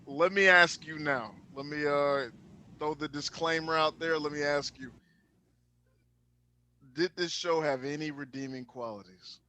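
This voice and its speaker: A man's voice: on the high side, fairly even intonation, measured pace, sharp tone. A man co-hosting a podcast, talking casually and emphatically. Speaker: podcast co-host. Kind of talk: casual chat.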